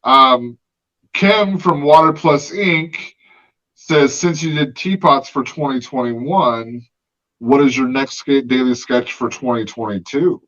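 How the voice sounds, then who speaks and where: A man's voice: medium pitch, slow pace, a bit bright, muffled recording. A man hosting a casual podcast in a laid-back way, reading out listener questions. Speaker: podcast host.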